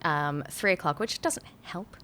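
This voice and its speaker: A woman hosting a podcast, telling a story in casual chat with lots of laughter and animated reenactments. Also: sits low, unhurried, slight background noise. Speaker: podcast host.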